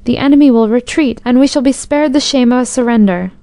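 A fierce, determined old woman who won't give up, as a woman narrator reads her, urgent and pleading. Her voice sits fairly high with a smooth, mellow sound. The recording is close and dry. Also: fast, no echo, natural voice. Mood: defiant. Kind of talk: storybook narration.

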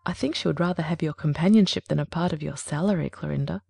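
A woman reading a story aloud, voicing a gentle, grave woman of sixty who speaks softly. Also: low voice, quick pace, gravelly, husky, heavily acted. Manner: gentle, grave, soft-spoken.

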